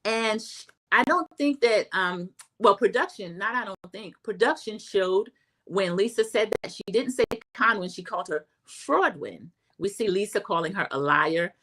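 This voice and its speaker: A middle-aged woman hosting a livestream, casually recapping a reality TV episode and giving her opinions, chatty and animated when she acts out quoted lines. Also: mid-range voice, low-quality recording. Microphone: home streaming setup.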